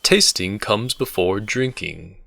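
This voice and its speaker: A man's voice: fairly low pitch, slow, creaky, bright, forceful tone, no echo, clean studio sound, pitched above the performer's own voice, heavily acted. A man voicing a playful young male innkeeper's assistant who talks in a lilting, teasing way.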